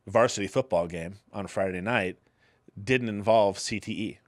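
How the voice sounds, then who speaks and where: A middle-aged man co-hosting a talk show, telling stories in an animated, chatty way with some swearing. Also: on the low side, normal speed, no room sound, studio quality. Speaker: podcast co-host. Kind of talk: casual chat.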